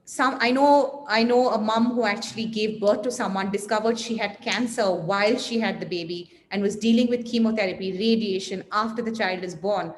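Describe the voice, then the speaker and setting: A woman guest speaker giving parenting advice in an earnest, emphatic, expressive way over a video call. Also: medium pitch, moderate pace, hardly any pauses. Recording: echoey room, faint noise.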